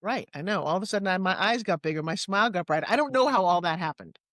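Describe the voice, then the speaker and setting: A woman in her sixties with a New York accent, a guest telling personal stories in a lively, candid way with quick asides. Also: lowish voice, no echo, clean studio sound. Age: 60s. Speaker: interview guest. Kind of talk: personal storytelling in conversation.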